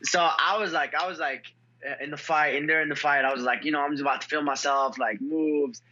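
A young male fighter, guesting in a casual interview, tells stories excitably with plenty of fillers and restarts. His voice sits on the high side and moves fairly quickly. The audio is dull with a little hiss or hum.

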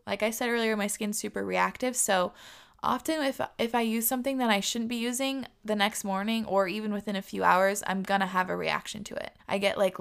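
Woman, host, casual chat, candid, swears freely, gravelly fry in her voice. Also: medium pitch, a bit bright. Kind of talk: casual chat answering viewer questions.

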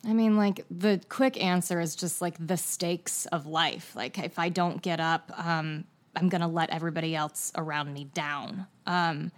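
A woman's voice: on the low side, fairly even intonation, measured pace, hardly any pauses. A woman who is a guest actress on a podcast, chatting casually and earnestly, rambling with lots of "like.". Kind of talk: casual chat.

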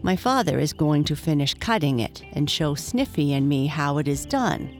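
A woman voicing an eager young male beaver who talks in a quick, excited way. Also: sits low, soft background music. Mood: earnest.

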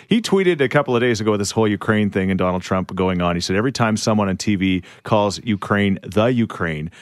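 Male morning radio host, deep voice, relaxed storyteller, dry studio sound. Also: quick pace, dry recording. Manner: chatty storyteller, laughs often. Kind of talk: casual radio chat.

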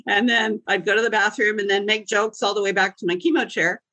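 A podcast guest tells her story in animated bursts, slipping into the voices of the people in it to land a joke. Her voice is husky and breathy, sitting at a middle pitch. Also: a little fast, low-quality recording. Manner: jokey, acts out voices in her stories.

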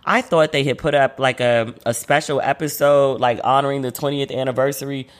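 A man's voice: medium pitch, fairly even intonation, brisk. Chatty, slangy man hosting a podcast. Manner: chatty and slangy, acts out quoted voices. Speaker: podcast host. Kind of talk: casual solo podcast chat.

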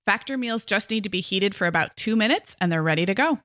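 A woman's voice: mid-range voice, animated, fast, fairly bright tone, dry recording, clean studio sound. A woman in her forties co-hosting a parenting podcast, chatting casually and reading ads in an upbeat, conversational way. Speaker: podcast co-host. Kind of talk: casual chat and ad reads.

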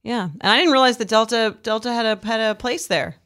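A woman's voice: on the high side, fairly quick, a bit bright. A woman with a Long Island accent, co-hosting a podcast and telling stories in casual, filler-heavy chat. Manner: chatty storyteller, many fillers.

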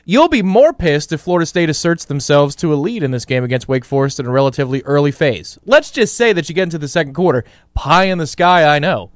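A man's voice: a little high, expressive, quick pace, few pauses, no echo. A man co-hosting a sports radio show, trading wry, teasing banter. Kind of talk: casual sports radio chat. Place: radio studio.

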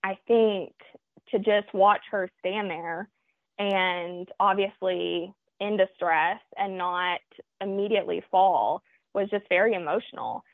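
A woman from Oklahoma, a guest telling a hunting story in an interview, reflective and halting with many fillers. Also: medium pitch, vocal fry, dry recording. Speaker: guest hunter. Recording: tinny phone line.

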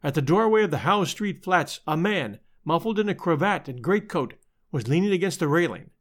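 A man reading a story aloud as a measured, dramatic narrator. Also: a little high, lively intonation. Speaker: audiobook narrator. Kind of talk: scripted narration.

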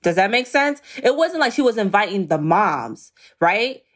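A woman's voice: medium pitch, sing-song, moderate pace. A woman guest on a podcast in casual interview chat, talking emphatically and repeating key phrases.

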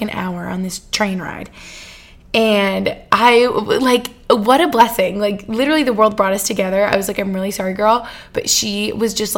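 A young woman in her twenties hosting a casual solo podcast, chatty and gushing, with lots of fillers. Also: medium pitch. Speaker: podcast host.

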